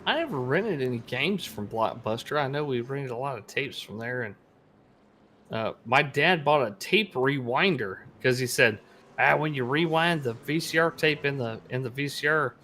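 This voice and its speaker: A man commentating on an online truck race in relaxed, chatty talk. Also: mid-range voice, normal speed, slight background noise. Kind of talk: casual broadcast banter.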